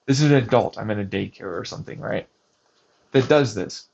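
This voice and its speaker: A man's voice: lowish voice, fairly quick, vocal fry, background noise. A man vlogging outdoors on a hiking trail, rambling through a personal story with lots of swearing and restarts. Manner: rambling, profane, restarts often. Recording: muffled lo-fi recording.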